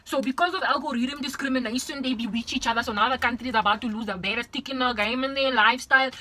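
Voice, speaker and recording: A woman's voice: sits high, fast, pushed and bright, slight background noise. A young South African woman with a South African accent, vlogging in an exaggerated, repetitive ranting monologue that slips into Afrikaans.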